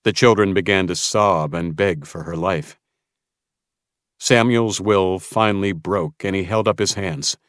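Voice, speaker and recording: A man's voice: deep voice, unhurried, fairly bright tone, clear, resonant tone, no room sound, studio quality. A man narrating a tense audiobook in a dramatic storytelling manner.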